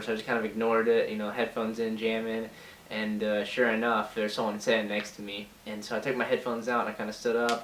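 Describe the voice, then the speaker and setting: A man's voice: fairly low pitch, fairly bright tone. A man in his twenties telling a casual storytime in a laid-back, teasing way, full of fillers like "you know" and "uh". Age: 20s. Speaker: vlogger. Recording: roomy sound, distant mic, faint hiss.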